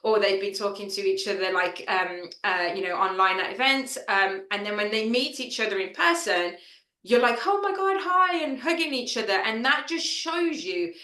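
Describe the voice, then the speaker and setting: A woman's voice: mid-range voice, normal speed, bright, forceful tone, roomy sound. A woman founder telling a personal story in a casual fireside chat, chatty and emotional, with lots of fillers. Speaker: founder of an assistant network, fireside chat guest.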